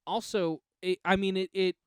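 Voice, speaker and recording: This co-host of a casual movie review podcast has a high, smooth voice and a moderate pace. He voices firm, blunt opinions and turns animated when riled, in a clean studio recording without echo.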